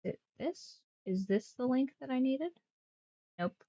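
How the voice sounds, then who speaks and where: A young streamer and author talks casually on a livestream from her room at home, cooing baby talk to her pets. Her voice sits high and is expressive, unhurried and warm, with no room sound, in slightly dull lo-fi stream audio.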